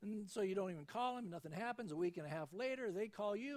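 Man, pastor, high voice, conversational sermon, acts out quoted voices. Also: lively intonation, quick pace, hardly any pauses, darkish tone.

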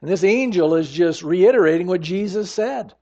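Male pastor, high-pitched, emphatic sermon delivery, muffled recording. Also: expressive, warm tone. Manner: emphatic preaching, slows down to stress scripture lines.

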